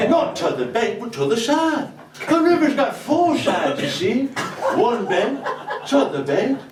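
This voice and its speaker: A man playing a dotty Northern English inventor who tells absurd stories deadpan, in a put-on Northern English accent. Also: high-pitched. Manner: rambling, deadpan absurd storytelling. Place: comedy club stage. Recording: roomy live club, distant mic, audience laughter.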